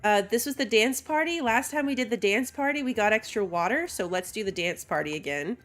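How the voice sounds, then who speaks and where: With faint music behind her, a streamer whose voice runs on the high side talks fairly quickly with lively intonation. She casually plays a city-building game, chatting with viewers, reading chat aloud and laughing often.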